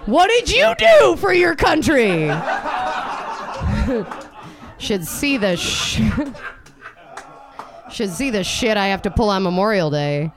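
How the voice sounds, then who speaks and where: Her voice is fairly high and very animated, yet she speaks very slowly and pauses often. This stand-up comedian delivers a crude, brash club set, working the laughing crowd with a handheld mic, captured live amid crowd noise.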